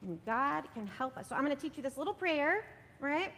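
A woman leading a children's message in church, coaxing and gentle, often checking in with "right?". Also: big pitch swings, brisk. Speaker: children's sermon leader. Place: church sanctuary. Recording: long reverb, faint rumble.

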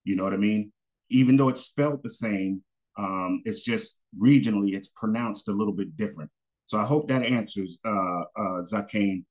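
A man from North Carolina answering a question in an online class, halting with many fillers and restarts. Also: lowish voice, a little mellow. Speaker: assistant teacher.

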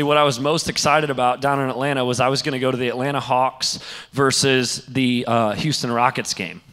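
A young man preaching a sermon, telling a story in a lively way and acting out the other people's lines. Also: medium pitch, big-room sound. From St. Louis area. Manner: animated, acts out quoted voices. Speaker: pastor.

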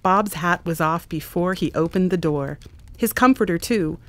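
A woman's voice: fairly low pitch, normal speed. A woman narrating a classic story expressively in a dramatic reading at a church event. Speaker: reader.

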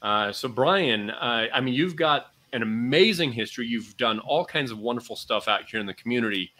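Man, interview host, enthusiastic, lots of fillers, crisp bright tone. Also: mid-range voice, animated, normal speed. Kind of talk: interview hosting.

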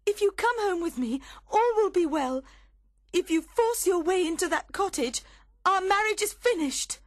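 A man voicing a frightened young wife who pleads with her husband in a shrill, nervous voice. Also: animated, normal speed, no room sound, clean studio sound. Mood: pleading.

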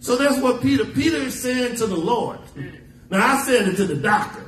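A high-pitched preacher delivering a folksy sermon, acting out quoted lines with flair. The sound is echoey and picked up from a distance in a church sanctuary, with faint room noise underneath. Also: male voice, lively intonation, normal speed, fairly bright tone. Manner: folksy preaching with dramatic voiced quotes and humor. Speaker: pastor.

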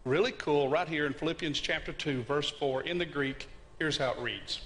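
A male pastor with a high-pitched voice delivers a sermon. He is animated and conversational and keeps asking his listeners questions. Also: moderate pace, slight background noise.

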